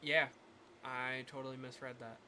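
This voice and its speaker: A man acting as game master on a live stream, thinking aloud with many pauses as he runs the scene. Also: mid-range voice, little pitch movement, bright, forceful tone, slight background noise.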